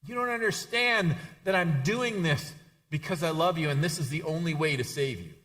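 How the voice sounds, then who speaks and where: A man's voice: fairly high pitch, normal speed, a bit bright, distant mic, close to an everyday voice. A man voicing a stern male teacher who rebukes a follower with insistent, repeated phrases.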